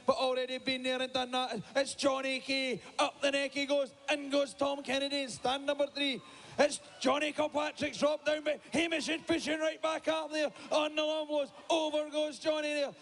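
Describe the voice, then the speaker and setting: A man commentating live at a shearing contest, excitable and urging the crowd to cheer. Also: very high voice, normal speed, gravelly.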